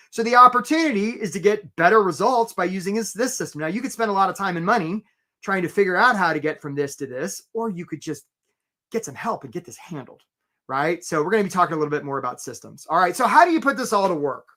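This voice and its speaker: A man hosting a live career webinar as a coach, energetic and upbeat, often tagging lines with "right?". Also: high-pitched.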